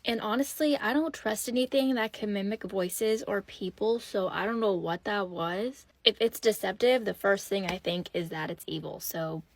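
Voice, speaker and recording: A woman chattily telling ghost stories about her old house in a lively, conversational way. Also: medium pitch, moderate pace, few pauses, no echo. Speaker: storyteller. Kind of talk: casual storytime.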